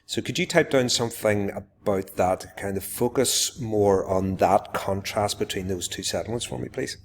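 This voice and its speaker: A man's voice: on the low side, moderate pace, a little hiss or hum. A man, a teacher giving a live classroom demonstration, explaining to viewers and turning to address his pupils directly. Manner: explains to viewers, then calls out warmly to pupils.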